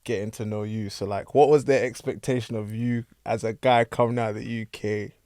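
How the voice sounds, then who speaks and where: A man from the UK hosting a podcast, asking loose rambling questions and backing his guest with steady yeahs. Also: lowish voice, a little fast, dry recording, studio quality. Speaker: podcast host. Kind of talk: casual podcast interview. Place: podcast studio.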